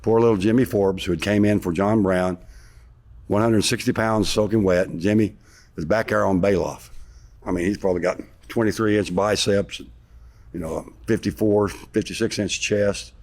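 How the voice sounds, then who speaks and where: Low-voiced man, interview guest, rambling animated storyteller. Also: normal speed. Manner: rambling, animated retelling with sarcasm. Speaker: interview guest, former basketball player.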